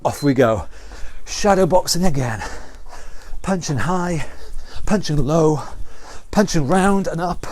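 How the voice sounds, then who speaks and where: British fitness instructor coaching a class. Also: male voice, a little high, animated, takes it slowly, darkish tone, no echo. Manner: encouraging, counts down and calls out moves. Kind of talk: online exercise class instruction.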